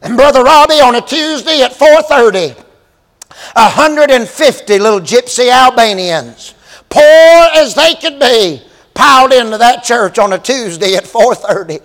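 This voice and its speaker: A man preaching a storytelling sermon, animated and building to shouted exclamations. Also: very high-pitched, moderate pace. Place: large church sanctuary. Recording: long reverb of a large hall.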